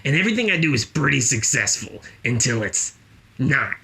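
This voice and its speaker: A man's voice: mid-range voice, very animated, moderate pace, gravelly, bright, forceful tone, full character voice. A man playing a boastful, rambling jobless guy with a put-on accent, spinning tall tales in an improvised comedy interview.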